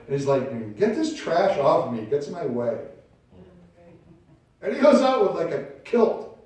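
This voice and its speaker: A pastor preaching a sermon in a church sanctuary, heard from a distance in a very echoey room. His voice is mellow and mid-pitched, and he acts out small scenes as he tells stories. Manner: animated storytelling preacher, acting out little scenes.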